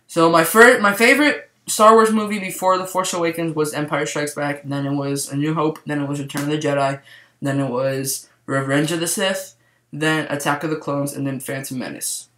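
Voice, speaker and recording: Rambling excitable guy in a roomy echo. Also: on the high side, normal speed. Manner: rambling, excitable, heavy use of "like". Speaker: movie reviewer. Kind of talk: casual spoiler review to camera.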